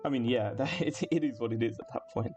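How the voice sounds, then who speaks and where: A man's voice: mid-range voice, quick pace, a little mellow. A man co-hosting a casual chat breaking down an anime episode, rambling with fillers and swearing. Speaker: podcast co-host. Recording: lo-fi with music behind.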